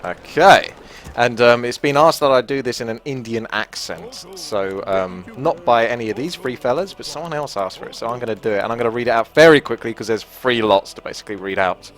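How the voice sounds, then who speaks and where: A man's voice: mid-range voice, a little fast, a bit bright. A man giving casual gameplay commentary, chatty and self-deprecating, often laughing at himself. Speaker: gaming commentator.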